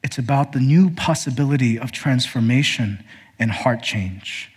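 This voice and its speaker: A man preaching a sermon to his congregation, emphatic and direct, calling them brothers and sisters, swinging from high pointed questions down to low, quiet statements. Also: moderate pace, breathy edge. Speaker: pastor.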